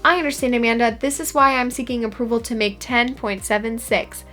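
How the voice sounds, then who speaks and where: A woman's voice: on the high side, fairly even intonation, brisk, sharp tone, soft background music. A woman vlogging casually about her shopper pay, reading out a support chat with sarcastic, dry humor. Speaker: gig delivery shopper and vlogger.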